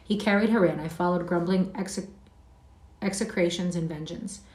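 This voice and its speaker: A woman's voice: fairly low pitch, normal speed, darkish tone, lightly acted. A woman reading as Heathcliff, scornful wild boy. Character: Heathcliff, a wild defiant boy telling his tale. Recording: roomy sound from a distant mic.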